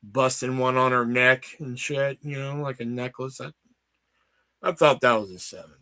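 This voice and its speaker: Bright-voiced man swearing through casual chat. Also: mid-range voice, fairly even intonation, normal speed, no echo, clean studio sound. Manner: crude, joking, swears a lot. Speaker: livestream host. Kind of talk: casual livestream chat with viewers.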